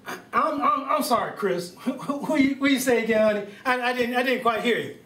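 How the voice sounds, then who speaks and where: A man's voice: extremely high pitch, a little fast, pushed and bright, distant mic. A hard-of-hearing old man of eighty, as a man acts him out, stammering and asking for things to be repeated in a raised, lifted voice. The sound is roomy and taken from across the room. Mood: confused.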